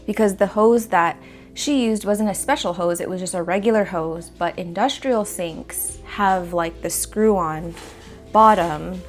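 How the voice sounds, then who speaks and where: A woman's voice: medium pitch, unhurried, faint music behind. Chatty young woman rambling while repotting. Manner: rambling, chatty, thinks aloud with many fillers. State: coughing from dust. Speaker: plant care vlogger. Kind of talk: casual chat while repotting plants. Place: indoors at home, repotting. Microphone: phone camera nearby.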